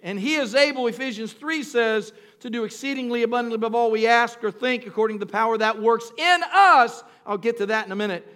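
A male pastor preaching a sermon, talking straight to the congregation, calling for responses and moving between quiet storytelling and shouted preaching. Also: very high voice, fairly quick, hardly any pauses. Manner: talks directly to the congregation, asks for responses.

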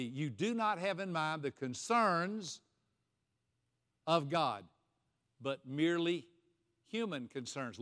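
A man preaching from the pulpit with a fairly high voice. He tells the story with energy and slips into voices for the people in it. The sound carries a long reverb, like a large sanctuary. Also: fairly bright tone. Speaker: pastor. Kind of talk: sermon.

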